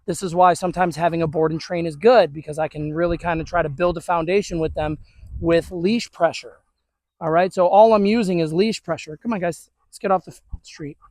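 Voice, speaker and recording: A man's voice: on the high side, fairly even intonation, brisk, a little mellow, no echo, studio quality. A male dog trainer giving an upbeat, chatty demonstration outdoors on a suburban street, talking to viewers while praising the dogs.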